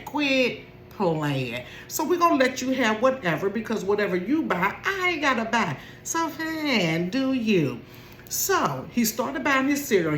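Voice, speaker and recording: A woman in her forties telling a comedic story in a sassy, animated way, laughing often. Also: sits low, a little hiss or hum. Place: bedroom. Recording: roomy bedroom echo.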